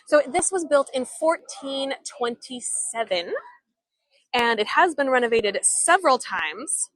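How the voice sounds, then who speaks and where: A young woman with a slightly high, somewhat bright voice leads a live outdoor walking tour down an old town street, speaking into a handheld phone. The recording is rough but has no room sound. She's chatty and enthusiastic, reading out viewer comments.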